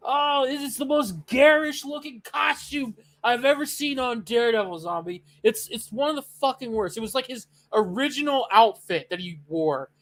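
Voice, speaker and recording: A young adult streamer ranting excitedly and profanely in a casual live-stream reaction, with loud outbursts. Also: medium pitch, moderate pace.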